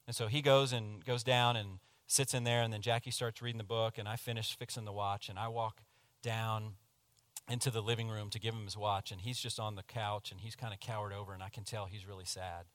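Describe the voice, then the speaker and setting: A man preaching, telling a personal story in a confessional, animated way that swings from hushed to loud. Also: medium pitch, brisk, dry recording. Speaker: pastor. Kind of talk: sermon storytelling.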